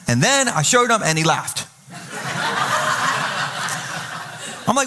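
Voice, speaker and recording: Pastor guy preaching on a church stage, high bright voice, jokey and animated. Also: moderate pace, long pauses. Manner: animated, joking, acts out quoted voices. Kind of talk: humorous sermon storytelling.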